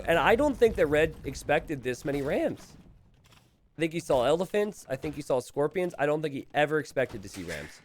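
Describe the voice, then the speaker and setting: A man commentating a recorded strategy game match, animated and chuckling, calling out to the players. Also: on the high side, fairly quick.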